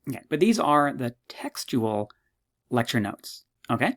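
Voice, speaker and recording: Chatty, joking male lecturer. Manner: chatty, self-mocking, jokey asides; quick, animated delivery with sudden pitch jumps. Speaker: university psychology instructor. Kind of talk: recorded course walkthrough lecture.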